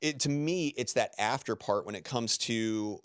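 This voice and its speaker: A man's voice: mid-range voice, normal speed, smooth, no room sound, studio quality. A man speaking as a guest on a podcast, in loose, rambling conversation full of filler words and restarts. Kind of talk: casual interview talk.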